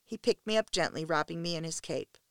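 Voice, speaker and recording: Gravelly woman reading an erotic story. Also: lowish voice, a little fast, a bit bright, dry recording. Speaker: audiobook narrator. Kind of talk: first-person erotic story narration.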